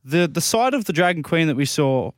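A man co-hosting a radio show, talking in a mock-earnest, deadpan way. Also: fairly high pitch, fairly quick, no echo, studio quality. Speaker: co-host. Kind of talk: casual radio chat.

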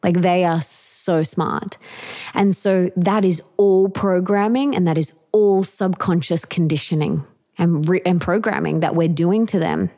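A woman author with a lowish voice and measured pace speaks as an interview guest. She's earnest and emphatic in this conversational interview, acting out quotes in a lively way.

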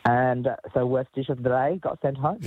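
A man, a chef guest, speaking earnestly and warmly as he is interviewed on the radio. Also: mid-range voice, moderate pace. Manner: earnest, upbeat, gentle laughs. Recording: husky, dry phone-line sound.

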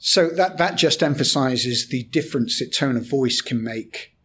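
A man, a corporate trainer explaining communication in a podcast discussion, measured and hesitant at times. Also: medium pitch, fairly bright tone, slightly rough.

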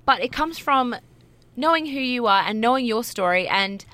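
A woman's voice: on the high side, expressive, moderate pace, pushed and bright, dry recording. A young woman co-hosting a casual dating podcast, giving thoughtful advice and acting out awkward moments. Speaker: podcast co-host, dating coach.

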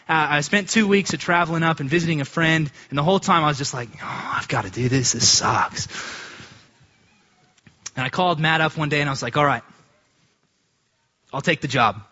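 A man giving a storytelling testimony to a church congregation, from the United States, acting out the voices of people in his story with sudden pitch jumps. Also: brisk, sharp tone, dull audio.

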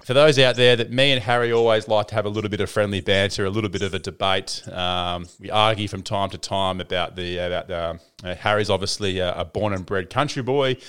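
A man's voice: fairly low pitch, a little fast, few pauses, a bit bright, clean tone, soft background music. A man hosting a podcast over a video call, chatty, with many fillers and repeated words. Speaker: podcast host. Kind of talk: casual podcast chat.

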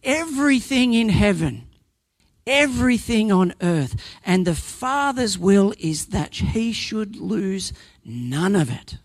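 Slow earnest guy giving a sermon, repeats lines for emphasis, pretty dry recording. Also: high voice, sing-song, no room sound. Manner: earnest, emphatic repetition, occasional restarts. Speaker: preacher.

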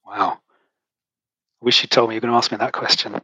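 Husky-voiced man recounting, halting and emotional. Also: medium pitch, steady tone, a bit bright, dry recording, poor audio. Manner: halting, emotional, many restarts. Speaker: podcast guest, author. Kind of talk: conversational interview.

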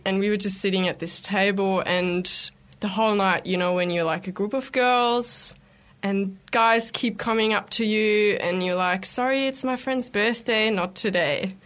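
A woman's voice: mid-range voice, moderate pace. A woman telling a personal story in a casual, chatty way, acting out quoted lines as she goes. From lives in London. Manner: chatty, animated retelling with acted quotes. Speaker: interviewee telling her story.

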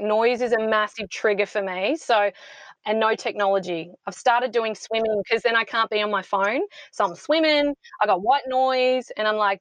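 A woman's voice: medium pitch, dry recording. A woman in her thirties talks with fierce, rallying conviction. Her voice sits in an ordinary middle register, and the recording is close and dry with no room sound. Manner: passionate, emphatic, rallying. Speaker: podcast guest, founder of a mothers' support club. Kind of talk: heartfelt interview talk.

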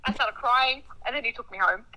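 A young woman telling a story in casual chat, dramatic and animated, acting out what people said. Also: on the high side, a little fast, low-quality recording. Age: young adult. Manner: animated, dramatic storytelling with laughter and acted-out quotes.

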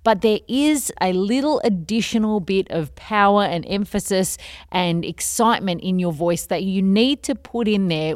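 A woman hosting a podcast, giving advice in an energetic, conversational and encouraging way. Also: fairly low pitch, no room sound, studio quality. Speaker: podcast host and teacher. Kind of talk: instructional podcast talk.

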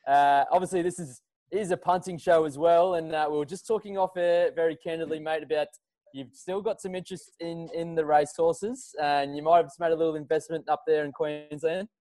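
Aussie host, slightly higher voice, matey and jokey, lots of mate. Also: male voice, steady tone, fairly quick, warm tone. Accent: Australian. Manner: jokey, matey interviewer who laughs often. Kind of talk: casual chat.

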